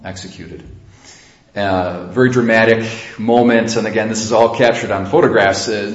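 A low-voiced male priest giving a homily in a church. He talks in an easy, conversational way, pausing on fillers and restarting his sentences. The sound is dull and carries an echo off the church walls. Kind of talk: sermon.

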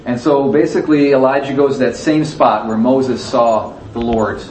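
A man's voice: mid-range voice, steady tone, normal speed, a little mellow, roomy sound. Man, Bible class teacher, conversational, acts out quotes, distant mic, faint room noise. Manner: conversational, asks the audience questions, acts out quotes.

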